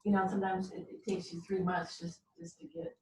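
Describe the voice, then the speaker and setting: A woman in a casual group call, lively in her talk and quick to laugh. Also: medium pitch, gravelly, echoey room, far from the mic, low-quality recording. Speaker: participant in a community call. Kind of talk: casual chat.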